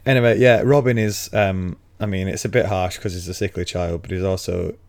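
A man co-hosting a casual book podcast, relaxed and chuckling as he recaps the story. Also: deep voice, a little fast. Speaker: podcast co-host.

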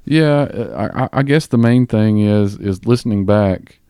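A man with a Southern US accent hosting a podcast in casual chat, rambling with fillers and restarts and talking a bit fast. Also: fairly low pitch, animated, warm tone, clean tone, no echo, clean studio sound. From Southern US (Tennessee). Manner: talks a bit fast on mic. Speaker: podcast host.

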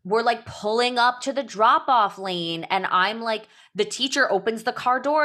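A woman in her thirties chatting casually as a podcast guest, filling her speech with "like" and acting out quotes in a higher voice. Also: normal speed, hardly any pauses, pushed and bright. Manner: chatty, fills with "like", acts out quotes in a high voice. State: pregnant. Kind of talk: casual chat.

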